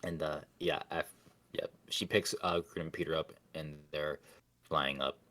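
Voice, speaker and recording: A young man co-hosting a podcast, recapping a film plot in casual chat, halting with restarts and casual swearing. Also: very deep voice, fairly even intonation, pushed and bright. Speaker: podcast co-host.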